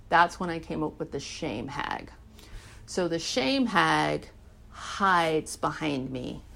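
Woman, middle-aged, lowish voice, candid, animated, swears freely, personal recovery talk. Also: gravelly. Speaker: recovery speaker.

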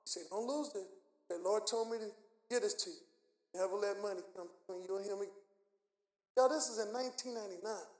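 A man preaching in a strikingly high voice, telling a testimony with animated energy and acting out the voices of the people in his story. The sound carries a strong room echo, as if picked up in a large reverberant space. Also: fast, pauses often. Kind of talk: sermon testimony. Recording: echoey room.

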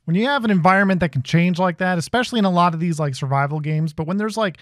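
A man talking about game graphics in relaxed, profane chat. His voice is a touch high, recorded close and dry with no room sound. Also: rapid-fire, no room sound. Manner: casual, profane, explains game details. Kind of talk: casual gaming chat.

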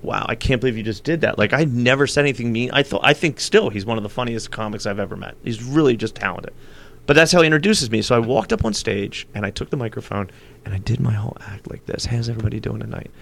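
A man chatting as an interview guest, a loud, animated storyteller. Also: mid-range voice, quick pace, vocal fry. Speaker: guest, comedian and actor. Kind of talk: casual chat.

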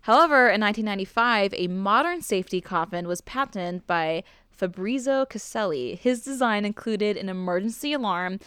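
A woman's voice: medium pitch, animated, normal speed, hardly any pauses, fairly bright tone, clean tone, no room sound, clean studio sound. A young woman hosting a casual podcast, telling a spooky history story in a chatty way, swearing freely and laughing as she goes. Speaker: podcast host.

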